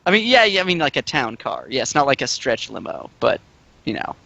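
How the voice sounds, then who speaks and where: An eager, chatty man playing a tabletop role-playing game. His voice is bright and forward. The recording sounds a little muffled. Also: medium pitch, sing-song, brisk, vocal fry. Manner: eager, chatty, talks in character plans. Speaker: player. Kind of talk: casual tabletop game play.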